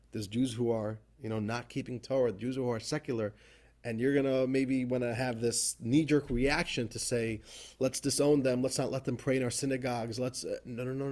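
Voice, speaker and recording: A man, a rabbi, giving an animated class on a religious text, often repeating himself and swelling into loud emphatic bursts. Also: medium pitch. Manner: rises to loud emphatic bursts when quoting, laughs often; repeats words and restarts phrases while thinking. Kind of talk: animated Torah class lecture.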